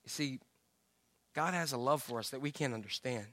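A middle-aged man preaching a sermon, telling the story with lively acted-out voices and humor. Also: medium pitch, normal speed, no room sound. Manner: animated storytelling, acts out the father's voice. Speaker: pastor.

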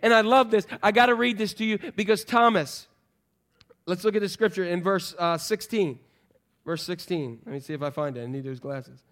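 A man's voice: high-pitched, moderate pace, fairly bright tone. A man preaching a sermon in a chatty, joking way, putting questions to the congregation. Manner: conversational, joking, quizzes the congregation. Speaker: pastor.

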